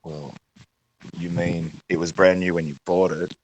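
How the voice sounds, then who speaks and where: A deep-voiced Australian man chats casually, prodding with teasing, probing questions. A faint hiss sits under his voice on the call. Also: little pitch movement, measured pace, darkish tone, low-quality recording. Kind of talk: casual chat.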